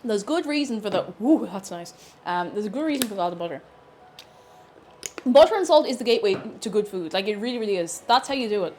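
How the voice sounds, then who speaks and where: A woman's voice: mid-range voice, lively intonation, fast, darkish tone, slight background noise. A woman cooking on a live stream, chatting playfully with her viewers as she works. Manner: chatty, playful, talks to chat while cooking. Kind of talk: casual cooking stream chat.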